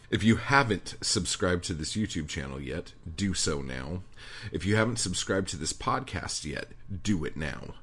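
Husky, low-voiced man ranting with profanity. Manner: swears constantly, loud and fired up. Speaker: podcast host. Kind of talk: profane angry rant.

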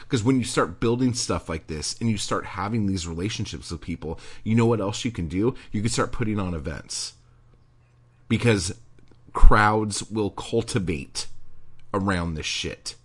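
Male podcast host, middle-aged, low voice; an angry, foul-mouthed monologue that swings from muttering to yelling. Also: normal speed, slightly rough. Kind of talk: profane ranting monologue.

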